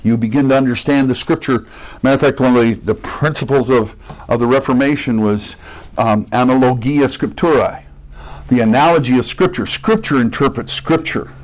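A man teaching a sermon verse by verse, explaining word meanings and pausing to repeat key points. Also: medium pitch, low-quality recording. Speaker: pastor.

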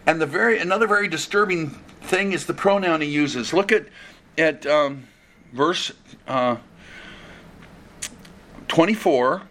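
A man's voice: fairly high pitch, a little slow, pauses often, fairly bright tone. A man preaching an expository sermon, earnest and conversational, often restarting phrases.

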